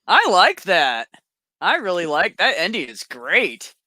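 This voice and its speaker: A woman chats as a guest, telling stories in an animated way and laughing often. Her voice is bright with a lively pitch, recorded dry and close. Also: measured pace, no room sound. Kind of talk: casual storytelling.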